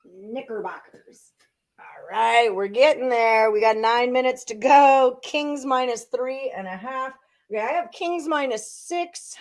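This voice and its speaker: A woman's voice: fairly high pitch, measured pace. A woman hosting a live sports betting show, reading out viewers' picks and chatting casually.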